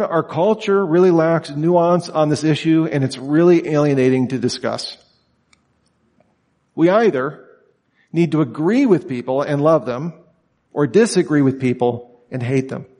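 A man's voice: fairly high pitch, a little mellow, in a large hall. A man teaching at a summer institute, lecturing students in an emphatic way and asking many rhetorical questions.

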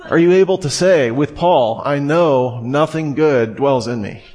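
A man giving expository Bible teaching, explaining a passage step by step and reading scripture aloud in a measured way. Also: medium pitch, a little mellow.

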